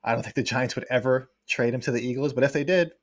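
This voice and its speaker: Fast-talking man, dry close sound. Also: mid-range voice, dry recording. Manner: quick, rambling with many fillers. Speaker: guest sports writer. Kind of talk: casual livestream chat.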